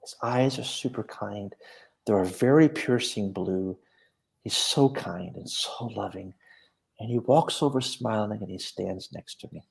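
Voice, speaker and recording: A minister recounting a personal spiritual experience in conversation, talking earnestly and with animation. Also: male voice, lowish voice, unhurried, gravelly.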